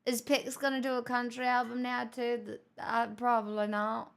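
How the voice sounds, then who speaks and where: A woman's voice: a little high, flat delivery, normal speed, vocal fry. A woman streamer chatting casually while reacting to a video, answering chat and slipping playfully in and out of mixed mock accents. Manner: answers live chat messages.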